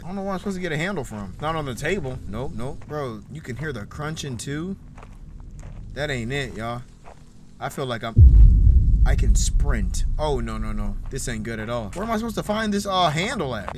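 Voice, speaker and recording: A man's voice: a little high, noisy background. A young man playing a horror game, slangy and chatty with his viewers, with sudden startled exclamations. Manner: slangy, talks straight to viewers, jumpy exclamations. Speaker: gaming YouTuber. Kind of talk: horror game playthrough commentary.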